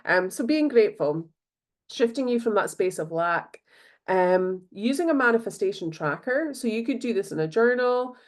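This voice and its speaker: A woman's voice: a little high, expressive, moderate pace. A Scottish woman hosting a solo podcast, talking in a bubbly, chatty way with many fillers. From Scotland. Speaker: podcast host. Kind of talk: casual solo podcast talk.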